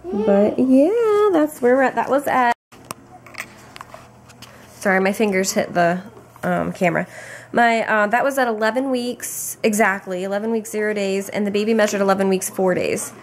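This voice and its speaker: A tired young woman talks into a close handheld camera in a casual vlog. Her pitch sits mid-range and she rambles, restarting sentences and filling pauses. A faint hiss of noise runs underneath. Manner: chatty, rambling, many fillers and restarts. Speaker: vlogger. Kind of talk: casual pregnancy update vlog.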